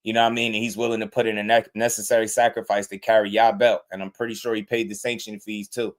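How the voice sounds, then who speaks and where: A man's voice: on the low side, level tone, fast talker. A man hosting a live boxing talk stream, ranting in a rambling, heated way with many repeated words. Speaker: boxing talk show host. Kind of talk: casual livestream commentary.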